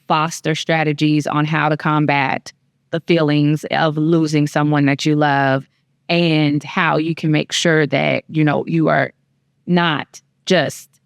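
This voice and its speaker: Woman co-host, very low voice, dry close mic, calm and reflective delivery. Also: clear, resonant tone, no room sound. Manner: measured, earnest, with frequent affirming mm-hmms. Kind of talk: reflective discussion.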